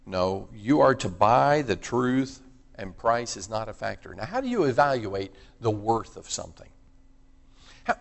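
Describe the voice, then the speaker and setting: A man preaching a sermon in a conversational, emphatic way, putting questions to his listeners. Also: medium pitch. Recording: long hall reverb.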